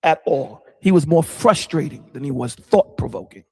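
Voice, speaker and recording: A man who is a pastor, explaining his side in a casual debate with a measured, dryly sarcastic manner. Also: fairly high pitch, expressive, vocal fry, slightly rough, long reverb tail. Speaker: pastor guest.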